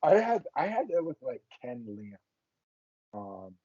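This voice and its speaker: A man's voice: medium pitch, big pitch swings, measured pace, warm tone, husky, no room sound. A man who is a guest actor on a podcast, chatting casually and animatedly acting out quotes in his stories. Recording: slightly muffled dry podcast audio.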